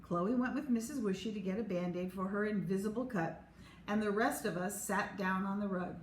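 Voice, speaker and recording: A woman reading a children's chapter book aloud in an expressive, unhurried way. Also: mid-range voice. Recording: echoey room, faint hum.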